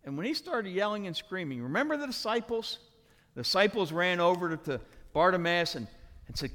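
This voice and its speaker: A man preaches a lively sermon in a fairly high, bright voice that leaps up and down as he acts out the people in his story. He swings from shouted lines to soft, hushed ones. The sound carries a long hall reverb. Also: a little fast. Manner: dramatic, acts out characters with shouts and whispers. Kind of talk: animated sermon with acted-out voices.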